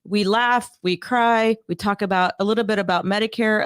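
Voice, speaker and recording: A woman's voice: mid-range voice, fairly even intonation, normal speed, smooth, no echo, clean studio sound. Bubbly woman hosting a live talk show. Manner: bubbly, laughs often, repeats phrases. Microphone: desk mic on a live stream.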